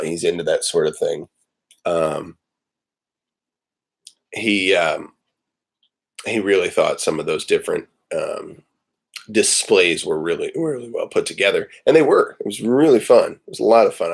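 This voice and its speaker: His low voice is creaky and slightly rough, moving at normal speed with long pauses. The man is hosting a casual morning livestream from home, rambling and joking with frequent ums and uhs.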